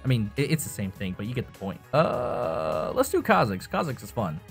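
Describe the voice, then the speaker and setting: A man's voice: mid-range voice, wildly swooping pitch, normal speed, vocal fry. Young man, casual rambling chat, voice tutorial, faint music behind. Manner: rambling, casual, swears, laughs. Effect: voice changer tests. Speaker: YouTuber.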